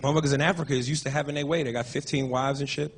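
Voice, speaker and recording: A man's voice: medium pitch, fairly even intonation, racing. A man performing a stand-up comedy set in a club, with a profane, punchy, swaggering delivery. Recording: noisy live club recording.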